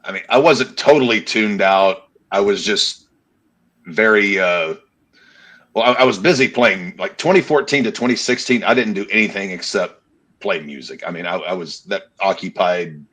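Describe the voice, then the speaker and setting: A man's voice: low-pitched, normal speed, fairly bright tone, slightly rough. A man co-hosting a casual podcast, talking hesitantly with many restarts and fillers. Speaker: podcast co-host. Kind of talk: casual chat.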